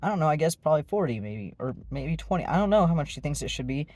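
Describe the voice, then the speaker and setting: A man's voice: on the high side, very animated, fast, a little mellow, slight background noise. A man telling a personal story in a casual, rambling way, with many fillers and restarts. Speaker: vlogger.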